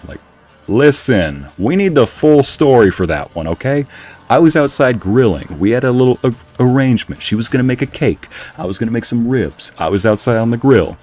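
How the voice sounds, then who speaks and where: A man's voice: medium pitch, animated, a little fast, a little mellow, soft background music. A man streaming a game, telling a long rambling story with frequent laughs while muttering at the game. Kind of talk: casual chat while playing a game.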